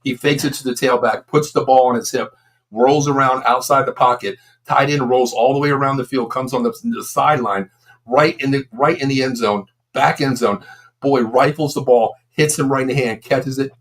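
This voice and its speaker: A man's voice: mid-range voice, steady tone, normal speed, a bit bright. A man in his fifties, a former football coach, co-hosting a casual sports talk show and telling long, emphatic stories. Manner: emphatic, rambling storyteller.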